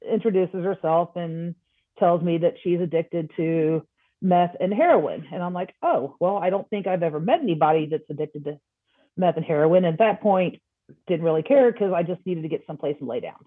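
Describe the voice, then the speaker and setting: A woman guest on a podcast, telling a personal story in a casual, animated way and acting out the dialogue. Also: lowish voice, normal speed, no echo. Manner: animated, acts out quoted dialogue. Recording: tinny phone-like line.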